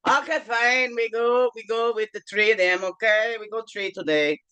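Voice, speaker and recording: Chatty and upbeat, this Newfoundland-accented host of a daily self-care show gives casual, motivating vlog talk, breaking into playful chuckles, singing along between thoughts, and asking "okay?" now and then. Her fairly bright, clear, resonant voice leans high and moves at a moderate pace, though the recording is rough.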